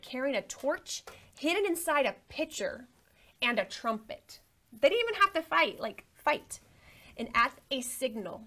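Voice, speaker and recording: A woman's voice: fairly high pitch, fairly bright tone. A woman on a Christian talk show, preaching fervently and speaking straight to the viewer.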